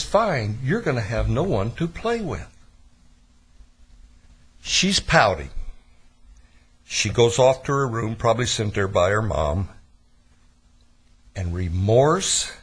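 A man preaching a sermon to his church, telling a story in a lively, deliberate way. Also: lowish voice, slightly rough. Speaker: pastor.

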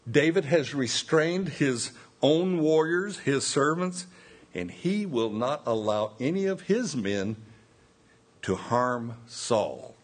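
Guy preaching slow, lively up and down voice, explains the verses in plain asides. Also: medium pitch, husky. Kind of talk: sermon with scripture reading.

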